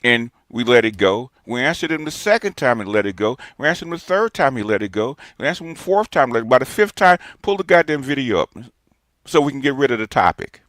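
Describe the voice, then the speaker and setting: A man's voice: medium pitch, sing-song, fast talker, fairly bright tone, no echo, studio quality. Lecturing man in his sixties. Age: 60s. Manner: emphatic, lecturing, repeats himself. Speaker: streamer. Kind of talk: ranting response monologue.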